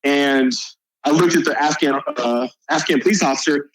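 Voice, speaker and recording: A man's voice: on the high side, normal speed, soft background music, poor audio. A male soldier guest on a podcast, telling a combat story in a casual, profane way.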